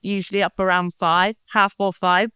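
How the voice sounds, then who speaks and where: A woman from Australia, a podcast guest chatting casually, lively and laughing often. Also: medium pitch, normal speed, smooth, dry recording.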